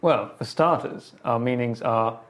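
A man's voice: mid-range voice, measured pace, fairly bright tone. A man speaking as a player in a tabletop game, casual and a little hesitant. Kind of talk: tabletop role-play in character.

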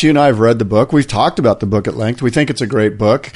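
A man's voice: mid-range voice, lively intonation, fast talker, darkish tone. A man co-hosting a podcast in casual chat, meandering through his points and filling gaps with "you know". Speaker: podcast co-host.

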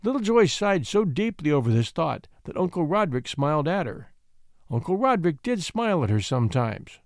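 A man narrating a classic storybook in an expressive, gently measured way. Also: a little high, dry recording, clean studio sound.

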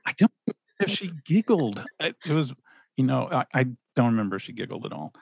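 A man on a casual podcast, speaking in a measured, hesitant way with restarts. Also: mid-range voice, big pitch swings, creaky, darkish tone, slightly rough, dry recording, clean studio sound. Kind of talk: casual chat.

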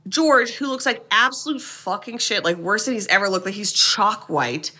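A woman's voice: mid-range voice, normal speed. A woman co-hosting a podcast, recapping a film in casual chat and acting out the characters' lines. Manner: lively retelling, acts out quoted lines, swears casually.

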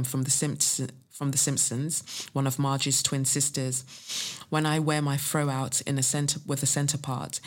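A podcast host who reads out a listener's letter, then rants bluntly, swearing and firing off rhetorical questions. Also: medium pitch. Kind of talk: solo podcast monologue, reading a listener letter and ranting.

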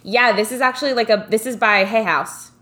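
A woman's voice: on the high side, a little fast, bright, forceful tone. A woman co-hosting a podcast, chatting casually and enthusiastically about books, with many "like"s. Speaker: podcast co-host.

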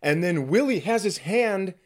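A man's voice: high voice, expressive, a little slow. A man, a comedian and podcast host, telling a story in casual chat with self-mocking humor.

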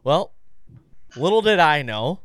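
A man hosting a podcast, telling a story in a loose, animated and profane way. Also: a little high, takes it slowly, dry recording, clean studio sound. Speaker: podcast host. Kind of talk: casual storytelling chat.

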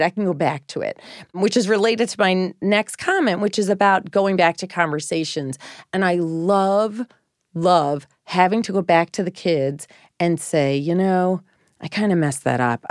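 A middle-aged woman with a slightly low voice talks casually as a podcast co-host. She tells stories with energy and acts out the people she quotes. The sound is dry and close. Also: moderate pace, no echo. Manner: animated storytelling, acts out quotes. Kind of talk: casual chat.

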